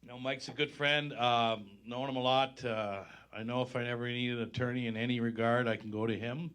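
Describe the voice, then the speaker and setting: A man telling lively anecdotes on stage, laughing as he acts out other people's voices. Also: mid-range voice, brisk. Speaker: guest storyteller. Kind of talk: live storytelling on stage. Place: stage before a live audience.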